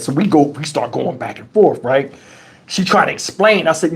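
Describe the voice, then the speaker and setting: A man hosting a live stream, telling stories in an animated, profane, rambling way. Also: on the high side, fairly quick, husky. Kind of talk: casual storytelling on a live stream.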